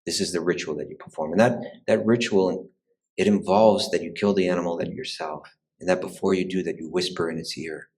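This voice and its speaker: A man's voice: low-pitched, steady tone, fairly quick, rough recording. A man giving a conversational lecture on the history of spirituality, talking thoughtfully with frequent restarts and repeated words. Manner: conversational, frequent "you know" and "right". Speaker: spiritual teacher.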